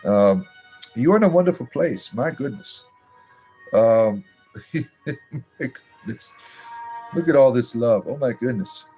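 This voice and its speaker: A man's voice: mid-range voice, lively intonation, takes it slowly, long pauses, mellow, faint music behind, rough recording. A clergyman hosting a live stream, talking to his viewers in an effusive, mock-sincere way and laughing often. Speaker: livestream host and clergyman.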